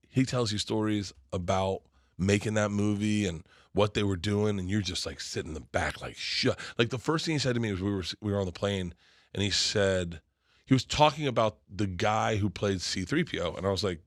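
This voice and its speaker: A man in his fifties, a comedian guest, telling stories and acting out the voices of the people in them, breaking into loud laughter. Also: fairly low pitch, fairly quick, no room sound, studio quality. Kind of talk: animated storytelling.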